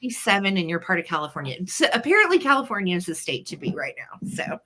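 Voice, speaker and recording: A woman's voice: fairly low pitch, big pitch swings, quick pace, pushed and bright. A woman hosting a casual live sale stream from home, chatting and greeting viewers one by one. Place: upstairs at home.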